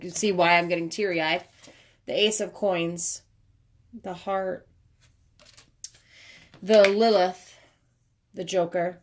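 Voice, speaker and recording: A woman giving a casual spoken tarot reading, chatty and thinking aloud as she handles the cards, recorded on a propped-up phone camera. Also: fairly low pitch. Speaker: tarot card reader. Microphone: phone camera propped up nearby.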